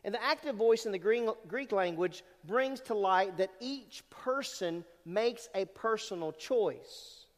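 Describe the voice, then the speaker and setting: A man's voice: sits high, animated, measured pace, few pauses. A man preaching a sermon as pastor, talking conversationally and asking the congregation questions. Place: church sanctuary. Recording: long reverb of a church hall.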